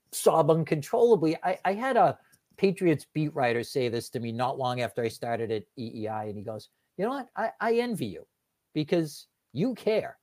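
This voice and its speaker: A man's voice: fairly high pitch, a little mellow. A man guesting on a sports podcast, chatting casually with dry, self-mocking humor. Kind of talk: casual chat.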